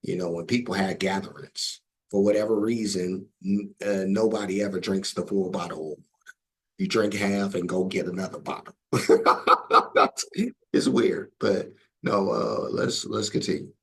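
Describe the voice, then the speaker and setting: A man hosting a reaction video, talking in a low, gravelly voice with a husky edge. He comments in a relaxed, rambling way, full of fillers. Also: normal speed, low-quality recording. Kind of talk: casual commentary.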